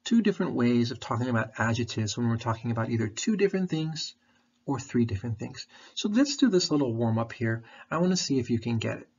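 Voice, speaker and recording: A male English teacher talks through a lesson in a patient, repeating way, sucking on a throat candy as he speaks. His voice is husky. The recording sounds dull and lo-fi. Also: medium pitch, lively intonation, darkish tone. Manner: patient, repeats questions and explains slowly.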